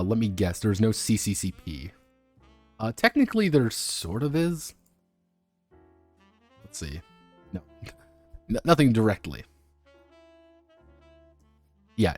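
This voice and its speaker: Man, streamer, low voice, animated pitch, dry close sound, rambling, stumbling restarts. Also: measured pace, pauses often, dry recording, faint music behind. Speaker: streamer reviewing tabletop games. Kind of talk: casual livestream commentary.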